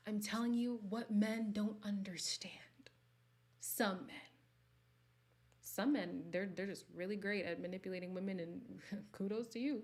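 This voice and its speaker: A woman hosting a casual livestream, reading viewer comments and talking frankly, her voice jumping from loud outbursts to soft near-whispers. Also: mid-range voice, moderate pace. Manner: candid and sassy, swings between loud bursts and near-whispers. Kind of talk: casual chat.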